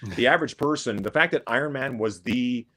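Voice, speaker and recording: A man's voice: mid-range voice, fast, bright, forceful tone. A middle-aged man chatting casually as a podcast guest, rambling with restarts and asides. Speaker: guest musician.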